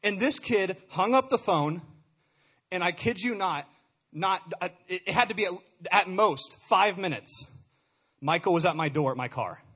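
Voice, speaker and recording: A man's voice: high voice, animated, normal speed, bright, forceful tone, slightly rough. A young man giving an earnest personal testimony, often stumbling over repeated words. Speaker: speaker sharing a testimony.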